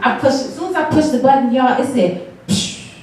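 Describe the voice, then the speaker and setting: A woman, performing a stand-up comedy set on a dark theater stage and talking straight to the crowd. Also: sits high, expressive, quick pace, heavy reverb, distant mic, rough recording. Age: 40s. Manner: chatty, addresses the crowd directly, laughs between jokes. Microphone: handheld stage mic.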